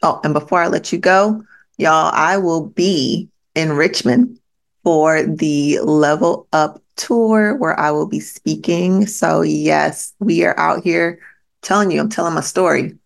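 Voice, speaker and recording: Her voice is low and creaky, and she keeps a measured pace. As a podcast host, she launches into a blunt motivational speech laced with profanity, driving her message home through repetition aimed at the listener.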